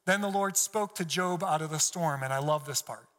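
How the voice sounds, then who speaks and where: A man's voice: normal speed, fairly bright tone. Earnest preaching man in an echoing hall. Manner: earnest, emphatic, rises in pitch when quoting God. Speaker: pastor. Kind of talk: sermon. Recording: long hall reverb.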